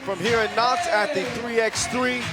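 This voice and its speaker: Hyped high-voiced commentator guy, out of breath, loud music and crowd going behind him. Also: steady tone, normal speed. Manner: hyped, shouting calls. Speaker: play-by-play commentator. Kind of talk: live sports commentary.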